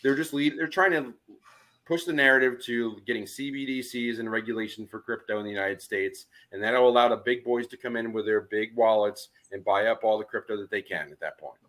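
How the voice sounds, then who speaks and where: Man, mid-pitched voice, podcast co-host, skeptical, casual. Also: a little fast, a bit bright. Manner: skeptical, speculative.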